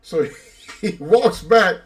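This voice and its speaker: A man's voice: high voice, extremely slow. A man co-hosting a livestream, telling a long funny story in casual chat and laughing as he goes. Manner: animated, laughs while telling stories. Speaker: livestream co-host.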